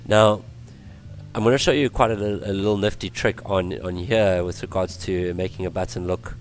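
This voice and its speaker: A man explaining web page coding in a screen-recorded tutorial, his voice worn from illness, halting with many ums and restarts. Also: deep voice, little pitch movement, faint music behind. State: voice going from illness. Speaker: tutorial presenter.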